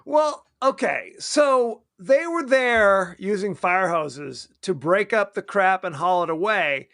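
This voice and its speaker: A man co-hosting a casual podcast about a horror film, animated and quick to act out characters in silly voices. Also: high voice, gravelly, no echo, studio quality. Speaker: podcast co-host.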